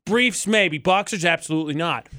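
A man's voice: fairly high pitch, moderate pace, pushed and bright, no echo, studio quality. A man co-hosting a radio show, trading casual banter and wry jokes. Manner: joking, wry asides. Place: radio studio.

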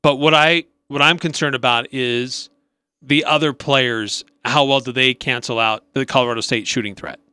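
Man, sports radio co-host, bright forceful tone, smooth resonant voice, dry studio sound. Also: mid-range voice, fairly even intonation, moderate pace, no echo. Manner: upbeat, rattles off stats with small restarts. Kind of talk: sports talk radio analysis.

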